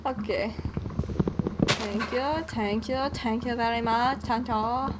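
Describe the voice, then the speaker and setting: Young female gaming host, relaxed unhurried delivery, bubbly and prone to humming. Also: on the high side, very noisy. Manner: playful, sings and hums to herself. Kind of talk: casual gameplay commentary.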